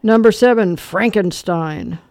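A man hosting a call-in music quiz show on radio, telling stories and running the quiz with quick banter. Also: high-pitched, gravelly, darkish tone, no room sound, clean studio sound. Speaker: radio host.

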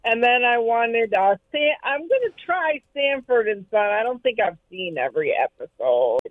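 A woman calling in to a radio show, rambling and halting as she searches for words. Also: on the high side, very animated, no room sound. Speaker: caller. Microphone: telephone. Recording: tinny phone line, dry.

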